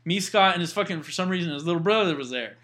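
A young man telling stories in a casual chat with friends, swearing constantly and animated. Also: high-pitched, fast. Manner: profane, animated storytelling with heavy swearing.

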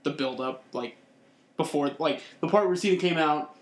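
A man's voice: on the high side, normal speed. A man co-hosting a podcast in casual chat, talking hesitantly with many fillers. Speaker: podcast co-host. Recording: echoey room.

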